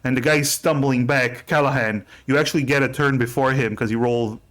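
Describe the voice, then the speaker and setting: A man narrating a tabletop game as game master, halting with many restarts. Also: medium pitch, steady tone, fairly bright tone.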